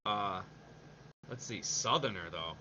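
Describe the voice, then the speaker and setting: A man's voice: fairly low pitch, expressive, slow pace, sharp tone. A man co-hosting a casual streamed chat, easygoing and agreeable, laughing often. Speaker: podcast co-host. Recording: slightly muffled mic with faint hiss.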